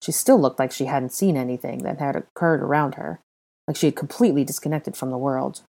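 A woman narrating a story in a low, darkly mellow voice. Her reading is steady and even, with the calm pace of an audiobook. It suits long storybook passages. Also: a little fast, creaky. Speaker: reader. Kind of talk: audiobook reading of fan fiction.

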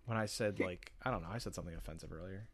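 A young man who talks quickly and loosely on a podcast, piling on "like" and "you know" as he jokes about a film. He comes across as casual and chatty. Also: sits low. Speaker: podcast co-host. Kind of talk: casual movie-recap chat.

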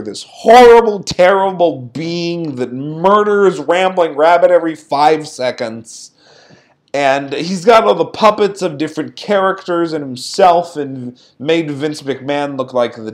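A man co-hosting a podcast, recapping events in a sarcastic, incredulous rant. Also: fairly high pitch. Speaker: podcast co-host. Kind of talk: casual recap commentary.

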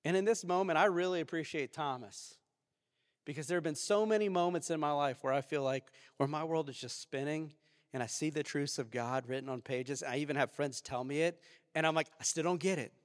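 A man preaches in a lively, animated way, his voice sitting a little high. He rises into loud outbursts and then drops into quiet, reflective stretches. The sound carries the long reverb of a large hall. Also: fairly quick. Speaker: pastor. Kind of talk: sermon. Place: church sanctuary.

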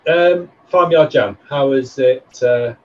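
A man hosting a podcast who chats in a relaxed, measured way. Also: mid-range voice. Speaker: podcast host. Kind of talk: casual podcast chat. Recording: distant, dull lo-fi sound with faint noise.

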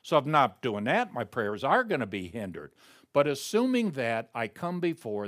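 A man's voice: mid-range voice, big pitch swings, normal speed. Man preaching a sermon, pulpit voice. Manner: swings between raised emphatic reading and hushed prayerful murmur. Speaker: pastor.

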